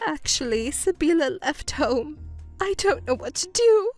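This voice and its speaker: A woman's voice: big pitch swings, a little slow, faint music behind. A woman voicing a selfish, whiny middle-aged stepmother who pleads and complains in a texting story. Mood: wailing. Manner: shrill, pleading and self-pitying.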